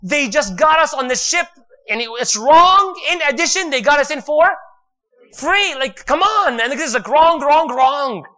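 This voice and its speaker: An indignant grown man, exasperated and pleading, his voice climbing high and loud with disbelief, as a preacher puts him on. The tone is bright and forceful. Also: expressive, moderate pace, heavily acted. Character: outraged grown man protesting a wrong.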